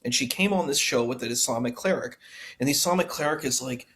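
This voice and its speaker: A man's voice: mid-range voice, fast talker, fairly bright tone. A man hosting a reaction stream, ranting in a heated voice and firing off rhetorical questions. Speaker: stream host reacting to a debate. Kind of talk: casual reaction commentary.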